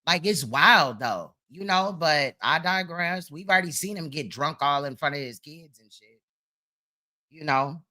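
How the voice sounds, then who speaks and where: Woman streamer, sharp bright tone, profane and blunt, reacting live to a clip. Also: deep voice, expressive, a little slow. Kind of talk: casual reaction commentary.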